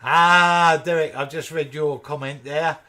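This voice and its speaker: Pitched fairly high and steady, this man's bright, forceful voice runs a little slow. He's a woodturning host from East London with a Kent accent, casually joking and responding to viewer comments as he works during a live demo.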